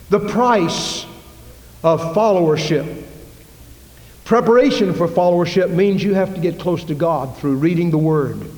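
A man's voice: fairly high pitch, a little mellow. A man preaching a sermon to his congregation, emphatic and full of rhetorical questions, recorded in a church. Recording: echoey hall reverb.

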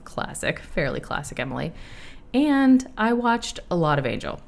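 Lively, low-voiced woman podcast host. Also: moderate pace, gravelly. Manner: animated, laughing, candid and profane. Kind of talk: casual podcast chat.

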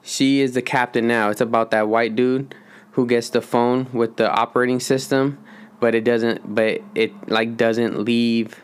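A man's voice: mid-range voice, level tone, measured pace, clear, resonant tone. A man chatting loosely and profanely about movies in slangy, rambling talk. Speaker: solo vlogger. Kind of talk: casual movie chat.

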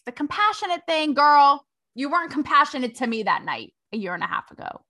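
A young adult woman hosting a podcast, telling a story in a sassy, slangy, animated way. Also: sits high, moderate pace. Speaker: podcast host. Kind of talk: casual storytelling commentary.

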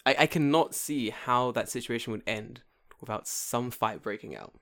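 A man's voice: medium pitch, moderate pace, vocal fry. A young man chatting casually, telling funny stories and acting out other people's voices. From United Kingdom. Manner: animated storyteller, acts out voices, laughs often. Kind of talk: casual chat.

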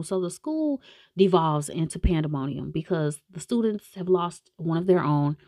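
Chatty low-voiced woman retelling a film. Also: animated, normal speed, mellow, no echo, clean studio sound. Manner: rambling and chatty, with swearing and slang. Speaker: movie reviewer. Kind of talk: casual plot retelling.

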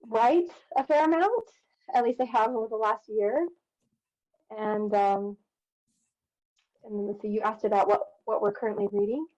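A woman in her thirties introducing herself as a panel guest over a video call, pausing often as she finds her words. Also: mid-range voice, dark tone, muffled recording. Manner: hesitant, many pauses. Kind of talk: casual self-introduction.

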